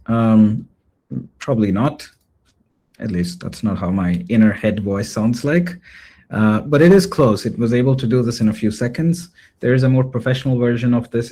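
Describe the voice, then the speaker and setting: A man teaching a live online class, explaining a demo casually with frequent pauses and filler words. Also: fairly low pitch, mellow. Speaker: workshop instructor.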